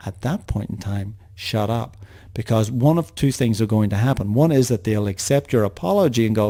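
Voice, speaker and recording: A man's voice: lowish voice, expressive, normal speed, dark tone. A middle-aged man teaching a sales lesson in a conversational way, often repeating words as he acts out what customers say. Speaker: sales trainer. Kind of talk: coaching lesson to camera.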